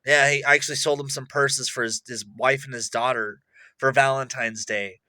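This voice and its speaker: A young man rambling boastfully in a monologue to camera, excitable and repeating himself. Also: mid-range voice, normal speed. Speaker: vlogger.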